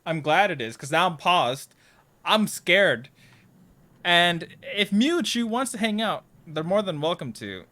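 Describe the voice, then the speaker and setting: A young man livestreaming a horror game, talking to his chat in a jittery, nervous way and often trailing off into quiet mumbles. His voice sits a little high for a man. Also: sing-song, measured pace. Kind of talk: casual live commentary while playing a horror game.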